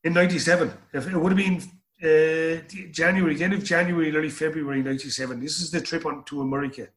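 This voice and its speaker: A middle-aged man with an Irish accent tells a long anecdote in an interview. He rambles and circles back on his own words, in a voice that sits a little high for a man. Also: steady tone, quick pace, fairly bright tone. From Ireland. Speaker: guest. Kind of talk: storytelling interview.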